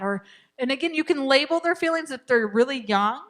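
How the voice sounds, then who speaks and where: A middle-aged woman teaching a parenting class in a church, chatty and laughing, sometimes dropping to a soft whisper to show a calm tone. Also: high-pitched, a little fast. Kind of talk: live class talk.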